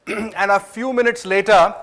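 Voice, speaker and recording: High-voiced Indian man telling a joke to an audience. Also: fairly even intonation, measured pace, fairly bright tone. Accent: Indian English. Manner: chatty, storytelling, asks the audience questions. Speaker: speaker at a management training event. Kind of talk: motivational talk with a joke.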